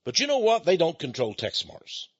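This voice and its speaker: Husky older male preacher, lively pitch. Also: moderate pace. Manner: rambling, folksy, chuckling asides. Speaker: preacher with a ministry. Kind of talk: folksy sermon monologue. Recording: dull lo-fi recording.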